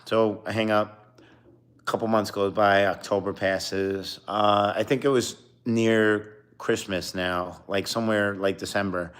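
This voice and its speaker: A young man chats casually, spinning a long anecdote and slipping into quoted dialogue as he goes. His voice sits low and sounds clean and smooth. He leans on fillers and restarts as he talks. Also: steady tone, measured pace, fairly bright tone. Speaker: streamer. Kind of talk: casual storytelling.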